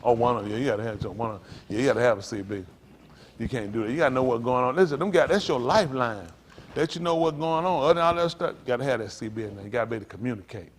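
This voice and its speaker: Folksy preacher man, loud bursts. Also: medium pitch, very fast, a little hiss or hum. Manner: folksy, rambling storytelling with sudden loud emphasis. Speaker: pastor. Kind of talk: preaching to a congregation.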